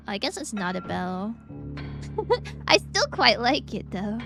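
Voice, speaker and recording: Over game music, a woman streams a video game in a medium-pitched, creaky voice at a slow pace. She chats casually and excitably, reads on-screen text aloud, and drops into whispered asides.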